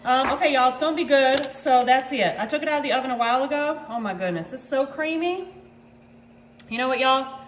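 A high-voiced woman, talking her way through a recipe in a chatty, upbeat home cooking video. Her voice bounces around an echoey kitchen with a faint hiss behind it. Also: brisk. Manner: chatty, upbeat, says "y'all" constantly. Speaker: home cook.

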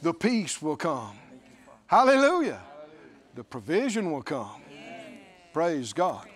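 Speaking slowly with a breathy edge, a male pastor gives a sermon in a high voice full of swooping, lively pitch. He's emphatic, repeats phrases to add weight, and quotes scripture often.

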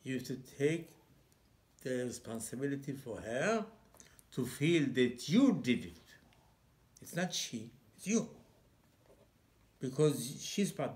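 A male rabbi giving an emphatic sermon, full of rhetorical questions and broken English. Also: medium pitch.

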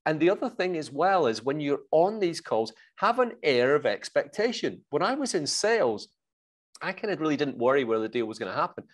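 Man, fairly high pitch, confident energetic coach, interview. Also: brisk. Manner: energetic, confident, explains with examples. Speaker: sales coach guest. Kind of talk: conversational interview, coaching advice.

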